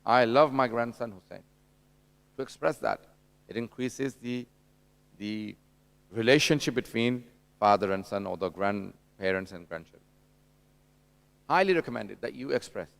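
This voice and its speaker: A man's voice: medium pitch, moderate pace, gravelly, pauses often. A man giving a conversational sermon at a religious gathering, addressing the audience directly and telling anecdotes. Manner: tells anecdotes and acts out dialogue. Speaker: religious lecturer at a mourning gathering.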